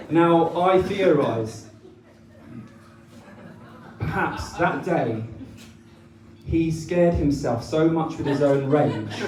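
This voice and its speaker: A man's voice: on the high side, noisy background. Teasing man giving a wedding speech. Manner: teasing, with many ums and pauses. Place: wedding reception hall. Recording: echoey room, mic from far off.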